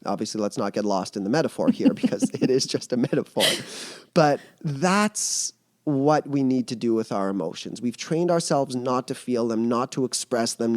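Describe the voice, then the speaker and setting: A man's voice: medium pitch, darkish tone, no echo, studio quality. A man who mentors people on emotions, speaking earnestly in a podcast interview and explaining his ideas through vivid metaphors.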